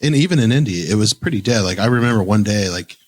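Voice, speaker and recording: Young guy from indiana, kinda husky, voice jumps all over, laid back podcast chat. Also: fairly low pitch, expressive, fast. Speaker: podcast co-host. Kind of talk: casual chat.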